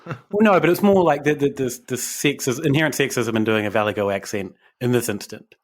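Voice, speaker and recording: A man's voice: medium pitch, a little fast. A young man, co-hosting a podcast, rambling and self-deprecating in casual chat. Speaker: podcast co-host.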